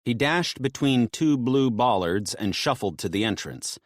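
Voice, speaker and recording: Male narrator, tense audiobook storytelling, lively intonation, dry studio sound, low soft dips. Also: unhurried, dry recording.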